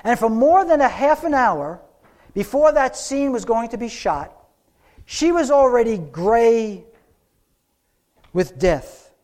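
A man preaching a sermon, telling a story with slow, dramatic pauses. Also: very high voice, very animated, a little mellow.

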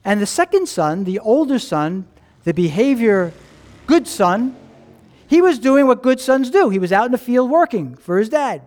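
High-voiced man preaching animatedly. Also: moderate pace. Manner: animated storytelling, acting out characters' lines; asks the congregation questions. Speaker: pastor. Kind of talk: sermon.

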